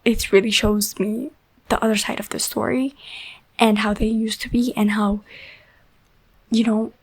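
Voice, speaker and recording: A woman's voice: fairly high pitch, flat delivery, measured pace, slightly rough, rough recording. A woman giving a casual, rambling spoiler review of a book, full of "like" and "you know", emotionally invested and often dropping into a half-whisper.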